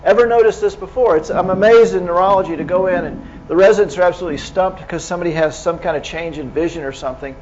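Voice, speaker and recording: A man with a fairly high speaking voice lectures a hall of clinicians. He talks casually and keeps throwing rhetorical questions at the audience. The recording is dull and lo-fi, with faint hiss underneath. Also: fast, few pauses, a little mellow. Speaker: medical lecturer.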